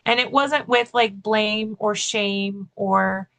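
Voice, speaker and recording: Her voice sits at medium pitch, steady and a bit bright, and she speaks slowly over poor audio. The woman, a keynote speaker who co-hosts a podcast, chats casually while telling a story, with frequent "like" fillers and restarts.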